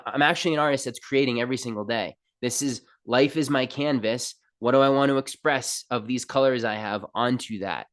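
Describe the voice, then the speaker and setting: Male self-help podcast host, mid pitch, playful and emphatic, coaching the listener directly. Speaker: podcast host and spiritual counselor. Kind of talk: motivational spiritual talk.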